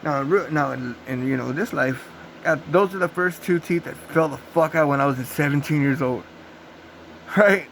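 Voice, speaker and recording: A man's voice: a little high, normal speed, vocal fry, a bit bright, slight background noise, poor audio. A young man telling a rambling, profane story casually, acting out gunshot sounds. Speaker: vlogger.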